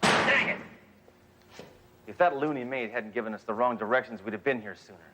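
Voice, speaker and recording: A man playing a brash deadpan tough cop. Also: mid-range voice, fast talker, very noisy, natural voice. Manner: macho, deadpan, bluntly self-assured. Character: brash trigger-happy male cop, adult. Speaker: police detective. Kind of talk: sitcom acting.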